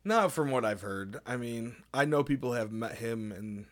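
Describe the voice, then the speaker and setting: A man's voice: mid-range voice, expressive, moderate pace, fairly bright tone. A young man chatting casually on a podcast, laughing often and mimicking radio voices. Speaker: podcast co-host. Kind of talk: casual chat.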